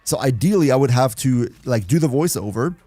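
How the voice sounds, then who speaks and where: A male streamer speaks English with a German accent in a loose, chatty way, answering his viewers as he goes. His voice is soft and mellow rather than bright. The sound is dry and close, with no room echo. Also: mid-range voice, lively intonation, fairly quick, slightly rough, faint music behind. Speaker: livestream host. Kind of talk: casual livestream chat.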